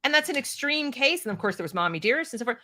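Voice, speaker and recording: A middle-aged American woman hosting an opinionated commentary show, talking in an animated, sarcastic way and reading out viewer comments. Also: fairly high pitch, very fast. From United States. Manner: animated, sarcastic, mimics people in mocking voices. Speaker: show host.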